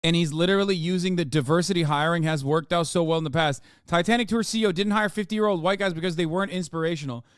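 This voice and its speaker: Man, 30s, live streamer, profane outbursts and mumbled asides, smooth resonant voice, higher than most. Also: fast talker, few pauses, no echo, clean studio sound. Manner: profane, mocking, swings from loud outrage to mumbling asides. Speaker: streamer reacting to posts. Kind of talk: live stream reaction commentary.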